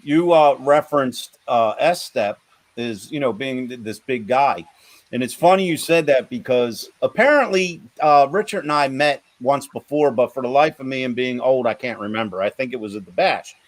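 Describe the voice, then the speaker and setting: A man's voice: medium pitch, moderate pace, no echo. A man hosting a podcast in casual chat, affirming often and rambling with fillers. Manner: chatty, frequent fillers and affirmations.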